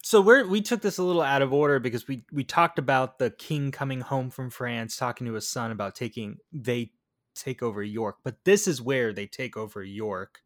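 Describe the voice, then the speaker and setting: Male co-host, mid-pitch, dry close mic, eager halting recap style. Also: no room sound. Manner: stumbling restarts, enthusiastic retelling. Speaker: podcast co-host. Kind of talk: casual movie recap chat.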